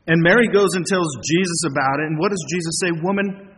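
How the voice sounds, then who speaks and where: A middle-aged pastor preaches with earnest conviction, throwing rhetorical questions at his listeners and slowing down to stress key words. His voice sits fairly high for a man. A long reverb trails his words through the church, with a faint hiss underneath. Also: a bit bright. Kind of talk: sermon.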